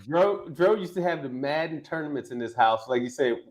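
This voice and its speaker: High-voiced man chiming in. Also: animated, brisk, a crowd in the background. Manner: teasing, chimes in with short quips. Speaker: podcast co-host. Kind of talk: casual sports chat.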